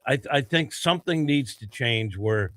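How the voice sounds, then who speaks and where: A man on a sports talk panel, laying out his analysis with lively, quick bursts. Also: mid-range voice, no echo.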